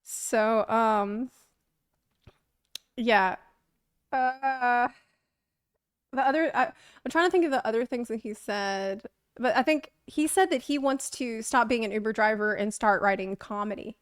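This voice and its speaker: A woman streamer telling a story casually on a stream into a close mic, animated, laughing often and acting out the quotes. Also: on the high side, unhurried, long pauses, clear, resonant tone, no room sound.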